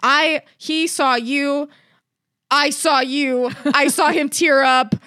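A woman's voice: sits high, slow, no echo, clean studio sound. A young adult woman co-hosting a podcast, telling stories in casual chat and swearing freely. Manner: animated, swears freely, storytelling. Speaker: podcast co-host.

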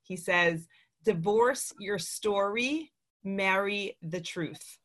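Woman, host, mid-pitched voice, relaxed casual chat, trailing fillers. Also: extremely slow.

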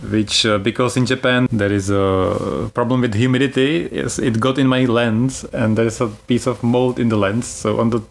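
A man's voice: medium pitch, fairly even intonation, normal speed, vocal fry, few pauses. A man hosting a casual travel podcast, explaining things in a chatty way and laughing easily. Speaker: podcast host.

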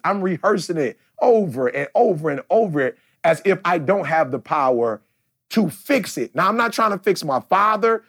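An emphatic man in his forties drives home his point on a podcast, stopping often to ask "see?". His voice sits a bit high and comes out husky. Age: 40s. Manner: emphatic, preachy, keeps asking "see?". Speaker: podcast host. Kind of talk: casual podcast talk.

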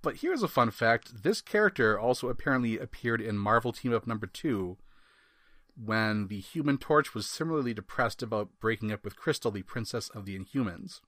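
A man's voice: on the low side, animated, normal speed, a bit bright, dry recording, studio quality. A man from Wisconsin hosting a casual comic book review podcast, wry and given to rambling asides and laughs. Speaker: podcast host.

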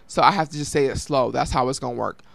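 Closing out her talk show, a Colorado woman makes casual announcements and emphatically, repeatedly appeals to listeners, whom she addresses as y'all. She talks fast in a very deep voice with vocal fry, and there's no echo.

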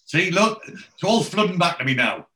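A man's voice: high-pitched, big pitch swings, normal speed, sharp tone. A man in casual chat, retelling a TV episode scene by scene and lightly acting out the characters' lines.

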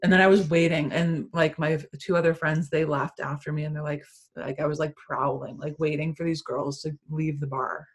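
A young woman with a low, husky voice trades stories on a podcast. She talks bluntly, swears freely and laughs often. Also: little pitch movement, a little fast. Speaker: podcast co-host. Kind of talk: casual chat.

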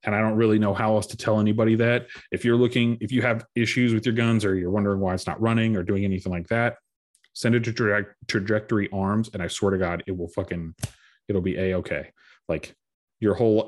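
A man co-hosting a podcast, telling stories in casual chat with heavy swearing and an animated delivery. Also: on the low side, fairly quick. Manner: animated storytelling, heavy swearing, frequent laughs. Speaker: podcast co-host.

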